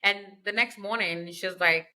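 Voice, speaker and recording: A woman's voice: medium pitch, measured pace, bright, forceful tone, rough recording. A woman hosting a podcast, retelling a book's plot in a chatty, slangy way with asides. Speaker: podcast host. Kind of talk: casual book recap.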